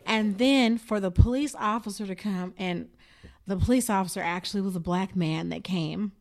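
A woman's voice: medium pitch, moderate pace. A woman co-hosting a casual discussion, talking in an impassioned, emphatic way.

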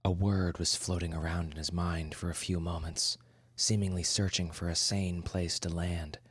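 Deep-voiced man narrating horror. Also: flat delivery, dry recording, clean studio sound. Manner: measured, dramatic, drops to a whisper for tense moments. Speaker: podcast host and story narrator. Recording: narration over clear music.

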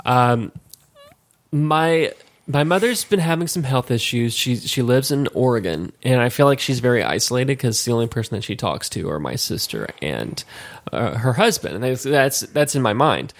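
A man's voice: mid-range voice, animated, normal speed. A man co-hosting a casual podcast chat, rambling with many restarts and laughing easily. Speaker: podcast co-host.

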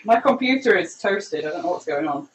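A woman player chatting playfully and excitably over a video call while making her tabletop character. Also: fairly low pitch, brisk. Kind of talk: casual chat while creating a character. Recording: echoey room, noisy video call.

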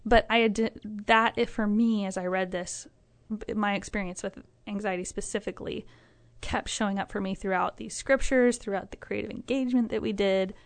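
A woman's voice: mid-range voice, fairly even intonation, moderate pace, hardly any pauses. A woman speaking reflectively and hesitantly in a casual group discussion, often trailing off. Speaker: discussion participant.

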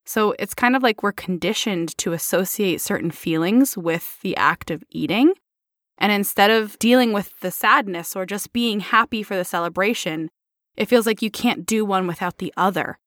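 A woman co-hosting a casual podcast, playful and quick to laugh. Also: mid-range voice, a bit bright, dry recording, studio quality. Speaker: podcast co-host.

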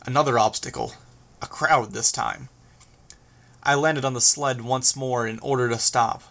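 A man reads a first-person action story aloud in a steady, even manner. His voice sits at an ordinary middle pitch for a man. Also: a little slow. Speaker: audiobook narrator. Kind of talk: first-person audiobook narration.

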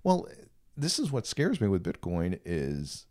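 Male radio host, animated talker with a wide pitch range, quick to laugh. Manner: laughs often, animated storytelling. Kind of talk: casual morning-show banter.

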